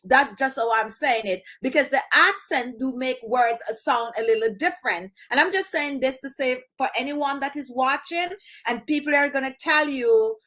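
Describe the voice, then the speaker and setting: Speaking in a high, fairly bright voice at a moderate pace with barely a pause, this Jamaican-accented woman hosts her beauty channel. She talks to camera casually, leaves off her H sounds, and says things twice for emphasis.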